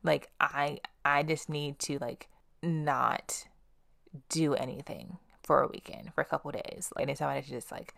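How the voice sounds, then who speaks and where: Low gravelly young woman, blunt and candid. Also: steady tone, moderate pace, fairly bright tone, no room sound, clean studio sound. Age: young adult. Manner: blunt, casual, swears freely. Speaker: podcast host. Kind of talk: candid personal storytelling.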